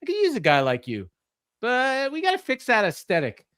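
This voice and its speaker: A smug, sneering wrestling villain, as a man puts him on barks insults in a raised, nasal-high register. Each line comes out loud and taunting. The sound is dry and close. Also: wildly swooping pitch, normal speed, dry recording, heavily acted. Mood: mocking. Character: cocky, mocking male wrestling heel on the mic.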